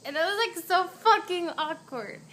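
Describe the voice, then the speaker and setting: A woman's voice: very high voice, expressive, normal speed, a bit bright, poor audio. A teenage girl, venting in a rambling, dramatic storytime vlog, acting out quotes and dropping to a whisper at times.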